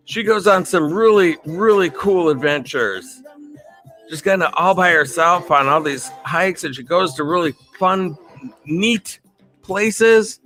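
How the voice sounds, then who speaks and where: A man's voice: on the high side, pushed and bright. A man hosting a casual live stream, upbeat, greeting viewers by name and chuckling often. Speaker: livestream host.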